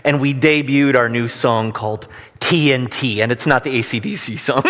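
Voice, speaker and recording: A man's voice: medium pitch, moderate pace, fairly bright tone. A man preaching a sermon, mixing scripture reading with casual, self-deprecating stories. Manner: conversational, self-deprecating humor. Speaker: pastor. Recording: long hall reverb.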